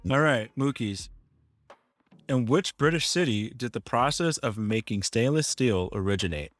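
Man, mid pitch, podcast host, reads quiz options, teasing, laughs a lot. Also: expressive, moderate pace, no room sound, faint music behind. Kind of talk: casual chat, reading quiz questions.

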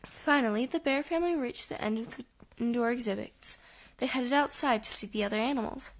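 A woman reading a children's storybook aloud softly, sometimes near a whisper. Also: a little high, a little fast. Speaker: audiobook reader.

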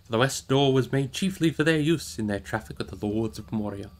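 A grave old wizard speaks in measured, solemn tones, as a man reading the book puts him on. He sounds commanding and weighty, a fantasy audiobook elder giving orders with care. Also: mid-range voice, expressive, natural voice.

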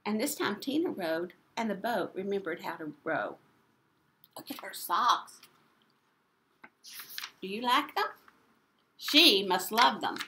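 Animated woman teacher. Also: mid-range voice, slow, pauses often, slight background noise. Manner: animated and playful, asking the children questions. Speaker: preschool teacher. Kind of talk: reading a picture book to children.

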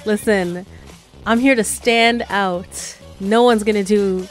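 A woman's voice: mid-range voice, steady tone, slow pace, faint music behind. A woman hosting a K-pop reaction video, gushing and exclaiming as she watches, with casual chatter and frequent laughs. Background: show audio playing underneath.

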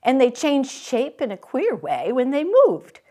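A woman reading a children's story aloud at a public library, with an expressive, lingering storyteller's delivery. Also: sits high, unhurried. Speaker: guest reader.

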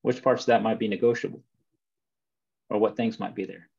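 A man's voice: lowish voice, fairly even intonation, brisk, creaky, darkish tone, breathy edge. A man hosting a coaching webinar, folksy and fond of stories and questions. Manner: folksy, storytelling, asks questions. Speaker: webinar host for soccer coaches. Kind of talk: casual coaching talk. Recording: muffled lo-fi audio.

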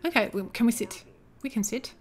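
A young woman chatting casually as she comments on her life-simulation gameplay, excitable and joking as she reacts. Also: a little high, a little fast. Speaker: gaming YouTuber.

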